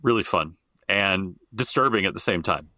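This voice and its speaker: A man's voice: deep voice, lively intonation, moderate pace, pushed and bright, no room sound, clean studio sound. A middle-aged man co-hosting a podcast in casual chat, rambling and swearing freely and often circling back to restart his point. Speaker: podcast co-host.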